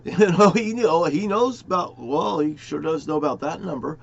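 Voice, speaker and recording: A man rambling profanely to camera in a conspiratorial monologue, jumping from topic to topic with sudden loud outbursts. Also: on the high side, expressive, unhurried, gravelly, dull audio. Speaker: vlogger.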